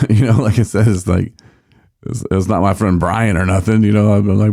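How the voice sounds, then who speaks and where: Deep gravelly man musing in recovery talk. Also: steady tone, moderate pace, warm tone, no room sound, clean studio sound. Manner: reflective, repeats words while thinking. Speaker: podcast co-host. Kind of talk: casual recovery podcast chat.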